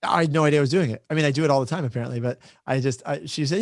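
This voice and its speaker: Fast-talking man telling a chatty story. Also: a little high, no room sound, clean studio sound. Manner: quick, chatty, self-deprecating storytelling. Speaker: panel moderator. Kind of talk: casual panel discussion. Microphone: video call.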